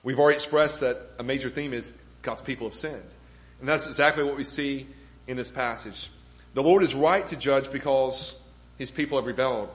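In a church room before his congregation, a pastor drives his sermon forward with rhetorical questions for emphasis. His voice runs on the high side, captured on a rough recording.

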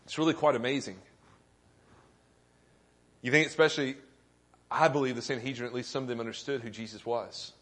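A man's voice: mid-range voice, steady tone, brisk, pauses often, a bit bright. A man preaching a sermon as pastor, earnest and often asking the congregation questions, rising with emphasis at key points.

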